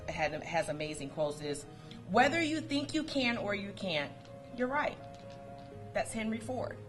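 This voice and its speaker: A woman giving a motivational talk to coworkers, lively and storytelling, quoting sayings and laughing often. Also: mid-range voice. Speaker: motivational speaker.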